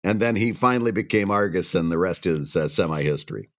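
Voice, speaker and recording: A middle-aged man trading jokes as a podcast co-host, his voice bright and forward. His pitch swings widely as he teases and laughs along, and he sounds a bit under the weather with a cold. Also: fast talker, dry recording, studio quality. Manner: animated, laughs often, teasing. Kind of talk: casual chat.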